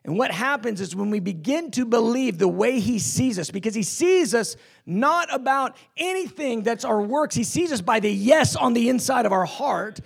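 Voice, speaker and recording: A man preaching a sermon with passion, acting out quoted lines and swinging between loud declarations and hushed tones. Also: very high-pitched, lively intonation, normal speed, gravelly, hardly any pauses, slightly rough.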